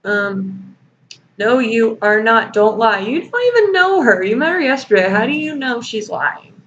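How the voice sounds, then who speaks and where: A woman hosts a sarcastic fanfiction critique in a sing-song voice on the high side, a bit bright, at a moderate pace. Laughing often and swearing freely, she's captured in a dull lo-fi home recording with faint noise.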